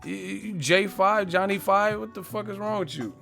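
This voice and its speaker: A man's voice: high-pitched, normal speed, creaky, pushed and bright, faint music behind. A man hosting a boxing live stream, ranting casually and profanely, joking and mocking stiff interviewers with put-on voices. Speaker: boxing channel host.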